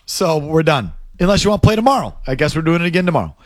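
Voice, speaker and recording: Sports radio host, male, lively pitch, dry close sound, blunt delivery. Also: very fast, dry recording.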